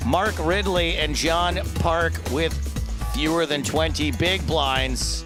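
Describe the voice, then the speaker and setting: A man hosting live poker commentary in a playful, jokey way with silly asides. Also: a little high.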